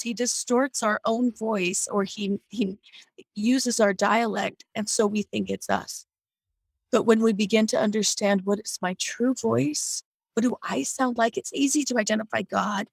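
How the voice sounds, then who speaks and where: A woman's voice: on the high side, vocal fry, dry recording, rough recording. A woman on a video call from her home, sharing her faith in an earnest, reflective way and often restarting her sentences. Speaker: guest on a faith discussion call. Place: home near an air base.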